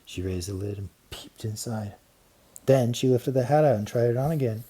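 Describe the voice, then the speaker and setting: A man narrating a children's storybook with steady, clear storytelling and lively emphasis. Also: mid-range voice, moderate pace. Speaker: audiobook narrator. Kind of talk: storybook reading.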